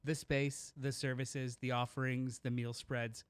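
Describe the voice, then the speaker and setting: A man's voice: medium pitch, flat delivery, measured pace, smooth, no room sound. A man co-hosting a live pop culture podcast, teasing his co-hosts and asking playful mock questions. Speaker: podcast co-host. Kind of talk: casual podcast banter. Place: podcast studio.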